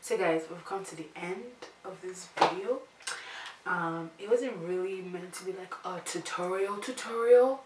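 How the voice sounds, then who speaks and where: A woman chats playfully through a casual makeup vlog, full of fillers and asides. She talks at an unhurried pace. She sits back from the camera mic in an echoey room with a clear layer of background noise. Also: fairly low pitch, recorded from a distance. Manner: chatty and playful, with many fillers. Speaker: beauty vlogger.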